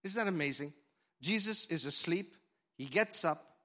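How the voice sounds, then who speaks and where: Male pastor, high voice, bright tone, dynamic sermon delivery, handheld mic. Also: normal speed. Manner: lively preaching with loud shouts and sudden whispers. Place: church hall.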